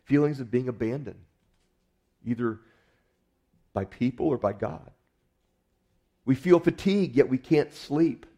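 A man's voice: medium pitch, a little slow, long pauses, mellow. A man preaching a sermon in an earnest, conversational way, often restarting his words as he goes. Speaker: pastor.

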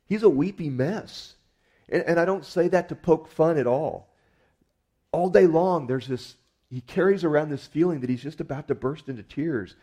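A man's voice: on the high side, normal speed, dark tone. A man preaching a sermon in an earnest, conversational way, often restarting his words as he goes. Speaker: pastor.

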